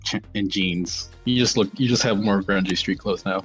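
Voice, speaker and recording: A man's voice: deep voice, normal speed, slightly rough, soft background music, low-quality recording. A man narrating as game master in a casual, chatty way, full of fillers. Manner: casual, laughing, lots of fillers.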